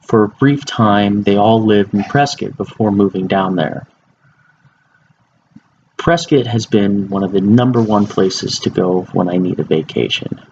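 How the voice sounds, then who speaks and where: A young man delivers an informative class speech in a relaxed, informal way, stumbling over words now and then. His voice sits low with a gravelly fry. The recording is slightly dull, with faint hiss behind him. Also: measured pace. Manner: informal, with fillers and restarts. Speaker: student speaker.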